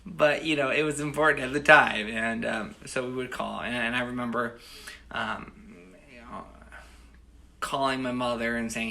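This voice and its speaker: Gravelly man telling a rambling story. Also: medium pitch, steady tone, moderate pace, pushed and bright. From United States. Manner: rambling, with frequent restarts and "you know". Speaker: storyteller and host. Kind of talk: casual spoken storytelling.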